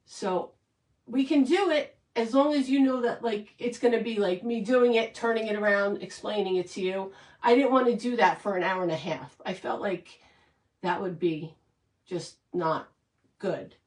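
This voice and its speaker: A woman's voice: medium pitch, moderate pace, darkish tone, distant mic. A woman chats through a craft livestream, rambling and restarting as she talks to her viewers and gets emotional. Her voice sits in a medium range. It sounds roomy, picked up from a little way off the mic. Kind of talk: casual livestream chat.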